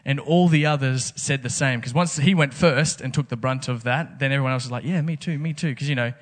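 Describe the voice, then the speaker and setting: A man's voice: medium pitch, steady tone, a little fast. A man preaching a casual, conversational sermon, full of rhetorical questions. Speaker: pastor.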